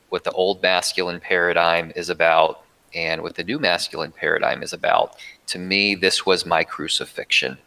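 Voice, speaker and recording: Deep-voiced man telling his story earnestly. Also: sharp tone, smooth, poor audio. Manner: earnest, reflective, with halting restarts. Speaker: podcast guest. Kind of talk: personal storytelling.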